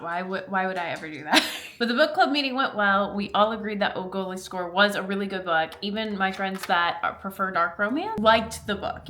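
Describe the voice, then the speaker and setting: A young woman talking to camera about a book she loved, gushing and animated, with lots of "like". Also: mid-range voice. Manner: gushing and animated, heavy use of "like". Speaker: book review creator. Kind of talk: casual chat to camera.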